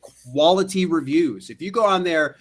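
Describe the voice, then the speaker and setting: Higher-voiced man rambling on a podcast. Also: moderate pace. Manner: rambling, explanatory, with restarts and playful asides. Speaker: podcast co-host. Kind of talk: casual business podcast chat.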